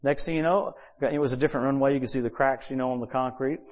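A man preaching at a church service, telling personal stories and acting out quoted dialogue with sudden jumps in loudness. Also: medium pitch, fast talker. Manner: animated storyteller who acts out quoted dialogue with sudden shifts in loudness. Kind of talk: sermon storytelling.

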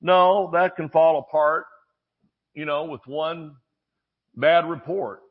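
A man's voice: a little high, slow. A man preaching a sermon, telling stories with acted-out voices and jokes. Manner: storytelling preacher, animated, acts out voices and jokes. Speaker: pastor. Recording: dull lo-fi sermon audio.

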